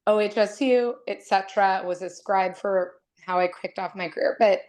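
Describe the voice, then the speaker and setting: A woman's voice: mid-range voice, fairly even intonation, normal speed, a little mellow. A woman from Oregon introducing herself to an online committee meeting, earnest and emotional as she talks. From Oregon, USA. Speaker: committee member. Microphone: video call.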